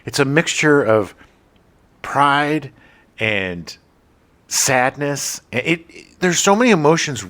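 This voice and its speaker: Male co-host, mid-pitch, lively delivery, casual movie talk with the odd swear. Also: slow, long pauses. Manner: animated, swearing, jokey. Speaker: podcast co-host.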